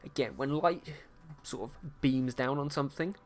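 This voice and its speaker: A man's voice: medium pitch, normal speed. A man, casually teaching digital painting live while he paints. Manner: relaxed, chatty, talks while painting.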